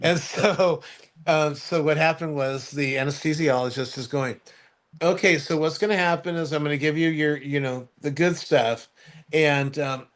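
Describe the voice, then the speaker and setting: A man hosting a podcast, telling a story in casual chat, rambling with many fillers and restarts, and acting out other people's voices when he quotes them. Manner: acts out others' voices in high shouts when quoting. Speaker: podcast host.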